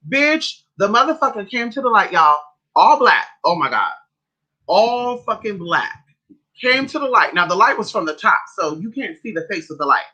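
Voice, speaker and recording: A man's voice: sits high, big pitch swings, moderate pace, sharp tone, slightly rough, muffled recording. A man from California, the host of a spiritual livestream, telling a story to his live chat in a dramatic, profane way and calling listeners "honey" and "y'all".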